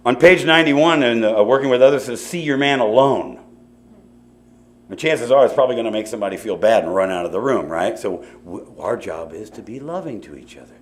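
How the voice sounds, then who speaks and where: A man's voice: medium pitch, animated, fairly quick. Middle-aged guy talking at a meeting, chatty storytelling, lots of you knows. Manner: conversational storytelling with asides and repeated "you know". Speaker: AA meeting speaker. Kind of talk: recovery talk story. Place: meeting hall before an audience.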